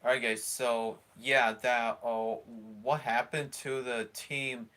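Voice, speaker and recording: A man hosting a live stream, talking over a sports broadcast in a halting way, full of fillers and restarts. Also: mid-range voice, level tone, pushed and bright, slight background noise. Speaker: stream host commentating along with a broadcast. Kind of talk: casual live commentary.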